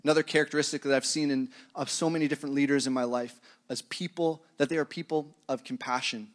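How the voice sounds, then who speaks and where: A man, a pastor, preaching a sermon in a relaxed, conversational way and chuckling at his own tangents. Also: fairly high pitch, fast talker.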